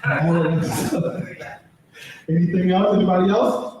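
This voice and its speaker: A man's voice: high-pitched, moderate pace, background noise. A man hosting a live storytelling show, asking the guests playful, teasing questions. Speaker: host. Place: room with a live audience. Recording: echoey room, far mic, crowd behind.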